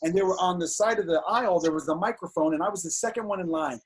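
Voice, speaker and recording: A middle-aged man, a filmmaker guest on an interview show, telling animated, indignant stories in casual talk. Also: high voice, quick pace, slightly rough. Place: home on a video call.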